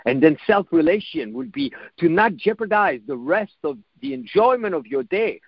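A man with a high voice gives a reflective motivational talk, coaching his listeners. He repeats phrases and swears now and then. The recording is dry and a little dull. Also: sing-song, normal speed, creaky, no room sound. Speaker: self-help speaker.

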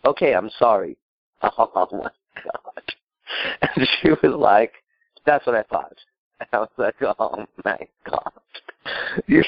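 A man's voice: medium pitch, no room sound, dull audio. A man working as a dating coach, answering a caller's question with emphatic, profane storytelling.

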